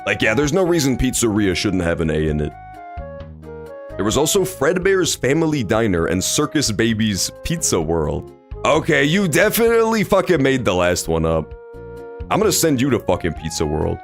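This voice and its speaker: A man's voice: medium pitch, very animated, moderate pace, soft background music. A man streaming a video game, joking and swearing while reading the story aloud. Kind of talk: casual game commentary.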